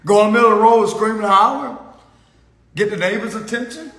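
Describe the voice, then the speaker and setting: A man's voice: sits high, a little fast, a bit bright, echoey room, a little hiss or hum. A man giving a casual spiritual reading, rambling and slangy and laughing often. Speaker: spiritual card reader.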